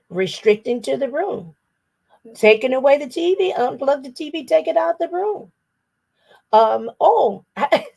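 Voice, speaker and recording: Middle-aged woman w a high voice, telling parenting stories, acts out the quotes, lively. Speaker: psychotherapist and guest speaker. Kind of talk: parenting talk with personal stories.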